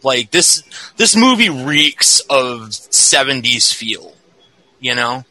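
A man's voice: mid-range voice, big pitch swings, pushed and bright, dry recording, rough recording. A man on a podcast, talking about film with enthusiasm and plenty of fillers. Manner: enthusiastic, filler-heavy, drawn-out. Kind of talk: casual film commentary chat.

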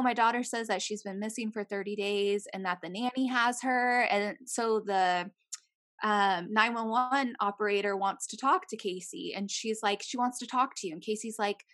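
A young woman in casual chat, retelling a true-crime story with animated voices for the people in it and frequent swearing. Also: fairly high pitch.

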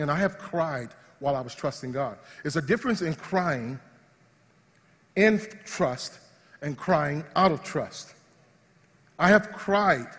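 In a sermon that echoes through a large hall with lengthy reverb, a pastor's high, somewhat husky voice alternates between hushed asides and loud shouts of praise.

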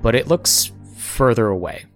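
A man running a tabletop game as game master, narrating scenes in a measured way with small pauses and restarts. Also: medium pitch, expressive, soft background music.

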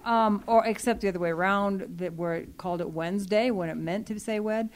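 A woman on library program staff talks through an issue with a user group at a meeting, earnest and explanatory, using lots of fillers. Her voice is mid-range and brisk.

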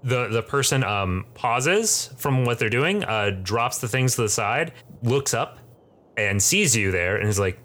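A man narrating as game master of a tabletop game, describing the scene in a halting way with many restarts. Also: medium pitch, expressive, a bit bright. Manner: halting, full of fillers and restarts.

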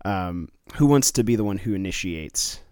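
A young man setting up a scene with friends, slow and hesitant, musing aloud. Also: low-pitched, animated, a little mellow, clean tone, no room sound, studio quality. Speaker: player in an improvised game. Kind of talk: casual improvised storytelling.

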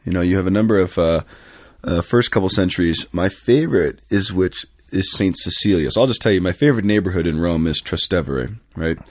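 Priest, male, very low voice, rambling podcast storyteller, dry close mic. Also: fairly quick, dry recording. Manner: rambling storyteller, many fillers and self-corrections. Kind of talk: casual podcast chat.

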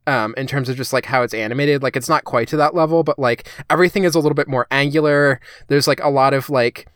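Brief: male podcast co-host, smooth resonant voice, dry close sound, rambling casual chat. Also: mid-range voice, fast, fairly bright tone, no echo. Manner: chatty, heavy use of "like" and "um". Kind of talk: casual discussion.

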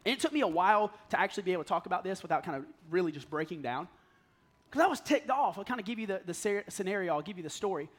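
A high-voiced man in his thirties gives a raw, confessional sermon to a church congregation. He drops to near-whispers and then climbs to loud, pleading peaks as he talks straight to the room. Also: expressive, very fast. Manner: candid, swings from hushed to loud and pleading. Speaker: pastor. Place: church hall.

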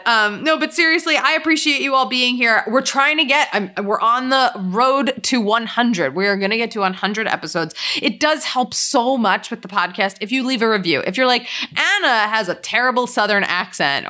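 A woman's voice: a little high, normal speed, few pauses, pushed and bright. A young woman co-hosting a podcast in casual chat, talkative, swearing freely and full of fillers. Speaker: podcast co-host.

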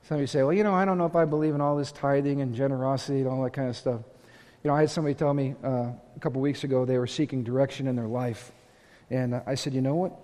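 A man preaching a sermon as pastor, impassioned and rising to loud exhortation. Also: mid-range voice, steady tone, rapid-fire. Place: church sanctuary. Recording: long hall reverb.

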